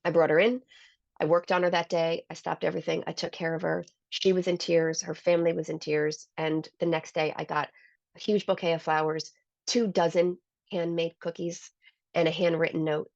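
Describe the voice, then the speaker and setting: A woman's voice: lowish voice, flat delivery, moderate pace, gravelly, dry recording. A woman who owns a salon, telling heartfelt stories as a guest in a conversational interview. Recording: dull, lo-fi dry sound.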